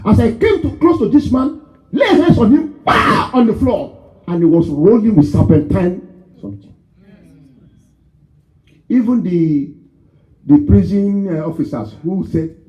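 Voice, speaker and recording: A man preaches in a high, swooping voice that climbs into shouts and drums home each phrase again and again. The church recording sounds dull and lo-fi. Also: expressive, measured pace, long pauses. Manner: emphatic, rising to shouts and repetition. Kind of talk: sermon. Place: church hall.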